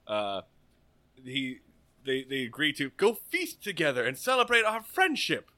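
Animated man with a bright, sharp voice. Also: a little high, a little slow. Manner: animated and swearing, acts out lines hammily. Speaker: podcast co-host. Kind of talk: casual chat recapping a TV episode.

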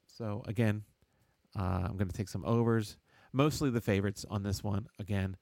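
A man with a low, gravelly voice rambles through sports talk, stopping and restarting with frequent "uh"s. He chuckles at his own stumbles. The sound is dry and close to the mic. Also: darkish tone, dry recording. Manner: rambling, halting with many "uh"s, chuckles. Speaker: podcast co-host. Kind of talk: casual sports chat.

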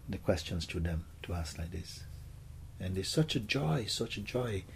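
Casting: deep, warm-toned man as a spiritual teacher, soft and gentle. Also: gravelly, slightly rough. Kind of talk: spiritual Q&A talk.

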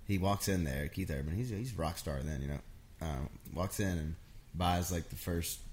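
A man's voice: low voice, normal speed, slight background noise. A man, a songwriter, telling stories in a casual chat and acting out what others said. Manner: animated, acts out quotes of others. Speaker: songwriter guest. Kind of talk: casual storytelling.

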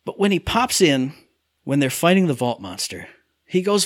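A man rants animatedly in casual chat, his slightly high voice swinging widely as he acts out characters' lines. The sound is dry and close, with no room around it. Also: sing-song, quick pace, dry recording. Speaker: podcast co-host reviewing a game. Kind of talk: casual chat, ranting review.

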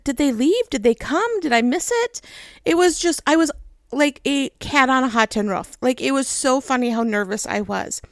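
A woman's voice: a little high, dry recording, studio quality. A young adult woman telling a long personal story in a chatty way, laughing often and acting out what people said. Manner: chatty, laughing, animated quoted voices. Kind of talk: casual storytelling.

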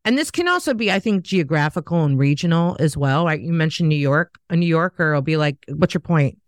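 A woman hosts a casual interview, telling stories with lively acted-out dialogue. Her voice is smooth and clear, recorded dry and close. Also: deep voice, brisk, dry recording. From Southern United States. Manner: animated storyteller who acts out quoted dialogue. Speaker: podcast host.

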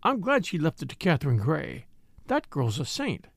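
A man reading an audiobook, voicing an excitable, chatty middle-aged wife with a gushing manner. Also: on the high side, moderate pace, gravelly, no echo, studio quality, exaggerated voice. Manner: gushing, exclamatory.

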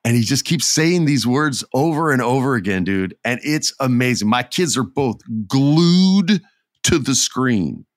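A man casually and excitedly retelling a wrestling match, acting out scenes as he goes. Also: medium pitch, a little slow, no room sound, studio quality. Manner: excitable, acts out scenes, many restarts. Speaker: wrestling recap commentator. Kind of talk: casual storytelling recap.

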